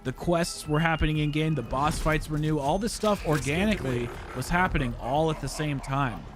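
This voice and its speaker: A man's voice: on the high side, moderate pace. A young American man hosting a livestream, chatting casually and rambling profanely while he plays a game. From United States. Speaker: podcast host streaming a game. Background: game music.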